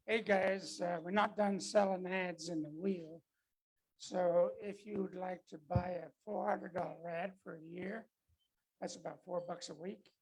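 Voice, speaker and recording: A man's voice: steady tone, unhurried, vocal fry, husky, poor audio. A man casually announcing ad sales at a club meeting. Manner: casual, pitching ads. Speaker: club member making announcements.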